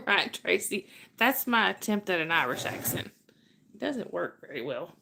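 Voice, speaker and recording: A woman's voice: lowish voice, very animated, measured pace, vocal fry, pauses often, sharp tone, a little hiss or hum. A woman hosting a livestream, chatting casually with viewers and laughing often. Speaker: livestream host.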